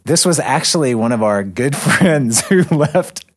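A man's voice: medium pitch, unhurried. A young man co-hosting a podcast, chatting casually and loosely, with lots of fillers and restarts. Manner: relaxed, rambling with fillers and restarts. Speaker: podcast co-host. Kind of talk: casual chat. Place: living in the North Caucasus.

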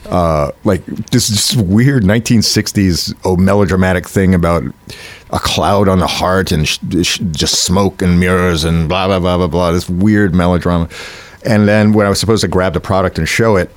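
A man with a very low, deep voice tells a story in a relaxed, conversational way. He is animated and laughs as he goes, jumping into the voices of the people he quotes. The sound is dry and close, with no room around it. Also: moderate pace, no echo. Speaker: actor telling an audition story. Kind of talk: casual storytelling chat.

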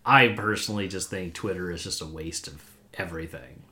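A man's voice: low voice, fairly quick, pushed and bright. A man co-hosting a podcast in casual chat, joking around. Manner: joking, quotes pop culture. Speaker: podcast co-host.

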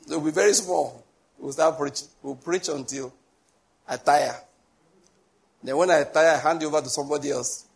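A man with a Nigerian accent preaching a sermon as pastor, joking and digressing, then slowing down to spell out his points one by one. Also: on the high side. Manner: joking, digressive, laughs often between points; slow, spelled-out teaching with lists.

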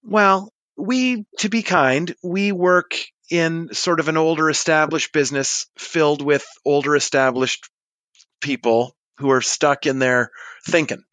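A man in his forties telling an anecdote, chatty and animated, acting out the people he quotes. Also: fairly high pitch, a little slow, no room sound. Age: 40s. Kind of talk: storytelling monologue.

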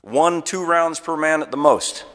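A man's voice: fairly high pitch, measured pace, a bit bright, in a large hall, pitched above the performer's own voice. A man voicing an anxious young soldier, the colonel's brother, speaking urgently and pleadingly in a raised voice.

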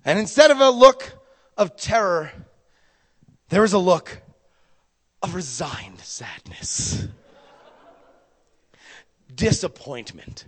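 A young man doing stand-up storytelling, profane and animated, with sudden loud bursts. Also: high voice, slow, long pauses, in a large hall. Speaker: stand-up comedian.

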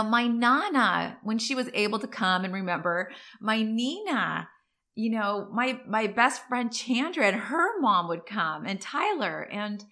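Chatty woman in her forties, bright voice. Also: medium pitch, animated, measured pace. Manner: chatty, rambling, with tangents. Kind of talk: casual personal storytelling.

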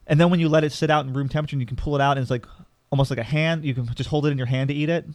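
A man's voice: on the high side, fairly even intonation, racing, a little mellow. A man co-hosting a podcast, chatting casually with firm opinions and a teasing manner, recorded indoors. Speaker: podcast co-host. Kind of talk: casual chat. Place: indoor room.

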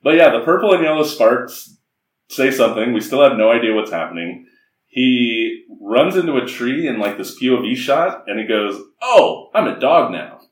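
A man's voice: mid-range voice, lively intonation, normal speed. A man co-hosting a comedy podcast, reviewing a bad film with profane, mocking energy and acted-out bits. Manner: profane, mocking, acts out scenes in voices. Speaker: podcast co-host. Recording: roomy echo, a bit off-mic.

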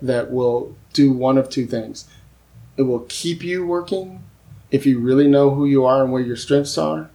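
A man who works as a screenwriter, talking casually as a podcast guest and telling animated stories about his work. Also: medium pitch. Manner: lively storyteller who acts out quoted voices; keeps asking "you know what I mean?".

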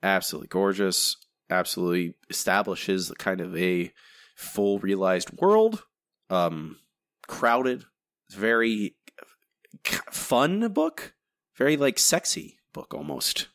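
A man co-hosting a podcast in casual chat, rambling and animated, jumping up in pitch when he mimics others. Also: takes it slowly, no echo. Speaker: podcast co-host.

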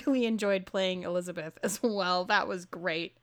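A woman's voice: lowish voice, very noisy. A woman co-hosting a tabletop game podcast, chatting casually and playfully, laughing often and teasing her co-host. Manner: playful, giggly, quick to tease. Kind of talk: casual chat about past games.

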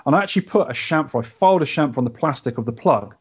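A man's voice: rapid-fire, breathy edge. A man co-hosting a podcast, telling a story in casual chat. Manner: chatty storyteller, lively pitch. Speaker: podcast co-host.

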